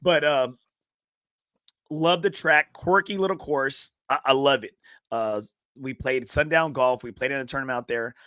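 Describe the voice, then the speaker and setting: Brief: male podcast host from South Texas, easygoing rambler, bright tone, dry close mic. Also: mid-range voice, moderate pace, no room sound. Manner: laid-back, rambling with fillers. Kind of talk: casual chat.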